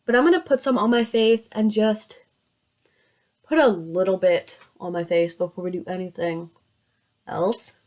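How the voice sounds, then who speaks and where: A beauty vlogger from Virginia, USA, talks through her makeup routine in a Southern drawl, chatty and often laughing at herself. Her medium-pitched voice is steady and darkish, a little slow, with frequent pauses.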